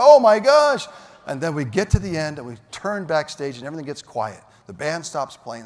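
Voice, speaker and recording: Male keynote speaker, lively storyteller, high-ish voice, long reverb of a big hall. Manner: animated, shouts punchlines. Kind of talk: storytelling speech. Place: large hall.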